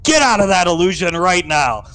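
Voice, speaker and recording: A man voicing a gruff, hot-tempered armored male soldier who keeps shouting in exasperation. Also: high voice, sing-song, normal speed, pitched above the performer's own voice. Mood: angry.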